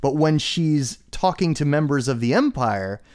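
A man's voice: on the high side, expressive, unhurried, darkish tone. A man co-hosting a podcast, chatting casually and enthusiastically explaining fan trivia. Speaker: podcast co-host. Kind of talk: casual chat.

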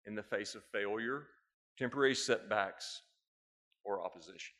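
A man's voice: on the low side, moderate pace, a bit bright. An American man preaching a sermon, telling a story and then building to emphatic exhortations. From United States. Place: church hall with a live congregation.

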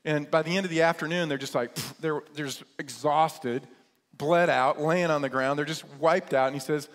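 A man's voice: fairly high pitch, a little fast. Man preaching in a reverberant hall. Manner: lively storytelling, retells scripture in casual modern terms. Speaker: pastor. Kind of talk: sermon.

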